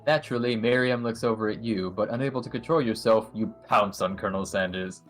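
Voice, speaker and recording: A man who is a chef and streamer, narrating a dating game and adding measured asides about cooking school. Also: on the low side, soft background music. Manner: measured, explains things with asides.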